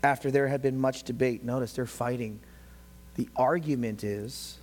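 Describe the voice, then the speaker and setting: A man preaching a sermon with a mid-range voice. He shifts between soft, slowed phrases and quick, rising passages. He acts out biblical figures as he teaches. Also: medium pitch, fairly even intonation, slight background noise. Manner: swings from quiet to loud, shouting passionately at peaks. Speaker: pastor.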